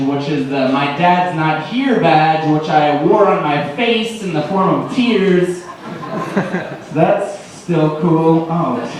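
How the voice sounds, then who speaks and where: A young man doing deadpan open mic stand-up, rambling with lots of fillers. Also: on the high side. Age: late teens to early 20s. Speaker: stand-up comedian. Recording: echoey room, distant mic, faint noise.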